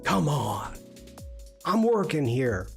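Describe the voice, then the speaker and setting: A man's voice: fairly high pitch, big pitch swings, slow, gravelly, soft background music. A man hosting a casual livestream critique, chatty and self-deprecating, reviewing viewers' work. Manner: chatty, self-deprecating, many fillers and restarts. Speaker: livestream host and design instructor.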